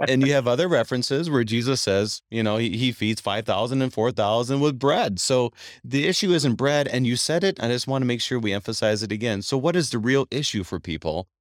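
A man hosting a Bible study radio show, chatting in a lively, questioning way with his guest. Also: medium pitch, a little fast, no room sound, clean studio sound. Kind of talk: casual Bible study talk.

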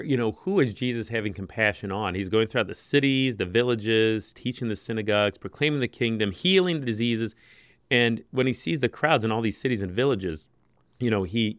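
A man co-hosts a Bible discussion, musing in a thoughtful, gentle way with casual fillers. His lower voice is smooth and resonant, and the recording is dry and close with no room sound. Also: no room sound. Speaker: co-host.

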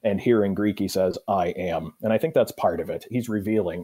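A man, a pastor, explaining a Bible passage in a thoughtful, unhurried way, often pausing with fillers and restarting sentences. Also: low-pitched, dark tone. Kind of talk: Bible study discussion.

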